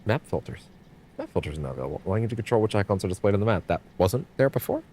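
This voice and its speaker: A man's voice: fairly low pitch, big pitch swings, rapid-fire, a little mellow, a little hiss or hum. A young man giving casual, rambling commentary while streaming a game, swearing offhandedly.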